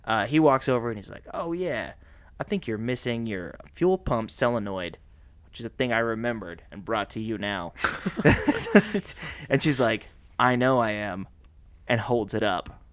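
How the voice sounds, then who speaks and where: A man co-hosting a podcast, recapping a movie plot in a casual, animated way, laughing often and slipping into voices for the characters. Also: medium pitch, a little slow. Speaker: podcast co-host.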